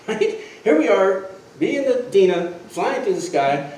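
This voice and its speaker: A man's voice: high-pitched, normal speed. A man in his fifties telling a comic tall tale with lots of laughter. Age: 50s. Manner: animated, laughing often. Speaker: storyteller. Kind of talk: comic storytelling skit. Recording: echoey room from far off, faint noise.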